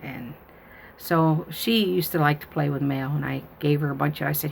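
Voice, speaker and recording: A woman's voice: low voice, brisk, vocal fry, slight background noise. A grandmother chatting with viewers, telling rambling stories full of fillers. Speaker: grandmother and channel host. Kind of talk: casual storytelling to viewers.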